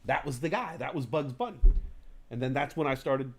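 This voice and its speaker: Animated man telling stories on a livestream. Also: medium pitch, brisk, slightly rough. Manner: animated storytelling, acts out inner voices loudly, swears casually. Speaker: talk show host. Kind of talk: casual livestream chat.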